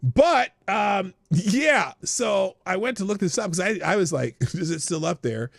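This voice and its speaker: A man's voice: high voice, expressive, measured pace, gravelly, no room sound, clean studio sound. A man from Nebraska who hosts a live stream, giving mocking commentary and laughing often. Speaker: host.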